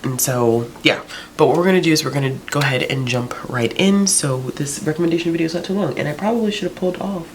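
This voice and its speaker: A woman's voice: low voice, fast, slight background noise. A woman book vlogger chatting casually, out of breath, with joking, rambling asides. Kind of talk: casual recommendation vlog.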